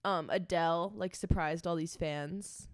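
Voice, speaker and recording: A woman in her twenties co-hosting a casual podcast, telling stories in a chatty, animated way and swearing freely. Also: on the low side, measured pace, no room sound, clean studio sound. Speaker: podcast co-host. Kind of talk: casual chat.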